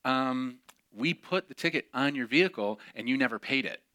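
A man quoting a female campus office clerk in a flat, matter-of-fact way. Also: mid-range voice, moderate pace, no room sound.

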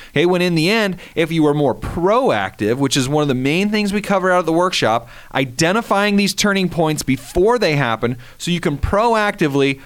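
A male trading instructor chats on the radio, often restarting and doubling up his words. His voice is smooth and sits a bit high. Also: fairly bright tone. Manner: chatty, restarts and repeats words. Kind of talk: casual radio talk.

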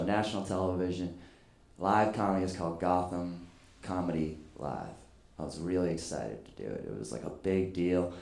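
Male comic, very deep voice, chatty self-deprecating story, roomy venue sound. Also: darkish tone. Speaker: guest comedian. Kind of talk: stand-up storytelling. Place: comedy venue stage. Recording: echoey live venue.

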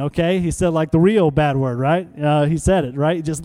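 Conversational preacher with a mellow voice. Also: male voice, on the high side, fairly quick. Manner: conversational, asks the room questions and answers them; repeats key phrases for emphasis. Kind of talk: sermon.

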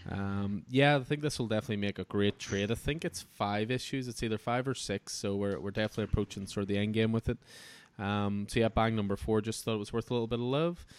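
A man hosting a casual comic book podcast, relaxed and chatty, laughing often. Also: on the low side, fast talker, hardly any pauses, clean tone. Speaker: podcast host.

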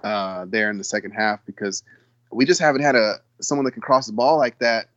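An excitable man rambles through a casual football chat, laughing now and then. His voice sounds dry and close, with no room around it. The recording is dull and a bit lo-fi. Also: fairly low pitch, brisk, no room sound. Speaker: podcast co-host.

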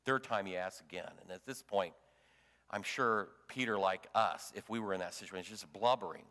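A man preaching a sermon as pastor, swinging from loud emphasis to hushed tones. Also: deep voice, normal speed, big-room sound.

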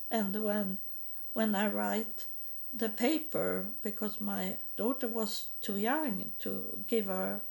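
A woman from Sweden, giving a halting personal testimony in English and often repeating words. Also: mid-range voice, steady tone, vocal fry, a bit bright. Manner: halting, repeats words, non-native grammar.

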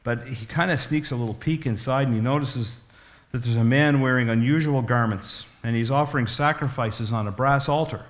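A man's voice: mid-range voice, a little fast. A man in his sixties, a pastor telling stories in a folksy, rambling sermon. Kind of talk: storytelling sermon.

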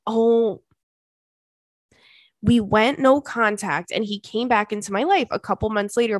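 Animated young woman podcast host, dry sound. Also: medium pitch, dry recording. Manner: animated, swears, laughs often. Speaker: podcast host reading listener emails. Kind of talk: casual comedic chat.

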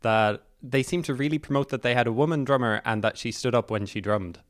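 Brief: male podcast host from Ireland, casual teasing chat, mid pitch, dry close mic. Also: a little fast, no room sound. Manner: teasing, laughs often.

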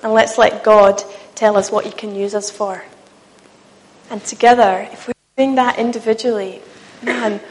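A woman preaching a sermon to a church, lively and self-mocking, talking with the congregation in a loose, conversational way. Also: fairly high pitch, rough recording. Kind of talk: humorous sermon with a live demonstration. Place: church meeting.

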